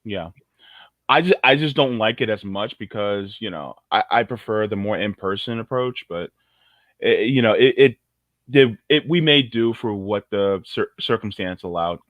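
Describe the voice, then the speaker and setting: A man's voice: lowish voice, animated, moderate pace, no room sound. A man co-hosting a casual livestream chat, rambling and jokey with many restarts. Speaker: co-host. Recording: muffled lo-fi audio.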